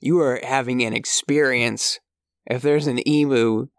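A man co-hosting a casual comedy podcast, laughing often and tossing in quick jokes. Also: mid-range voice, fairly even intonation, no room sound, clean studio sound. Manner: laughs often, quick jokey asides and silly quoted voices. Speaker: podcast co-host.

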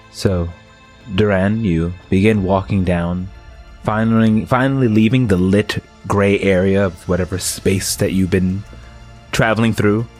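A man narrating as game master of a tabletop game, slow and atmospheric, with restarts. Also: on the low side, a little mellow.

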